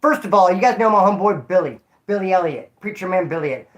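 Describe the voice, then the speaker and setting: A man from California hosting his own channel, chatting casually in rambling street slang with loud shout-outs to viewers. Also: high-pitched, expressive, fast talker. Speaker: YouTube channel host. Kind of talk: casual livestream chat.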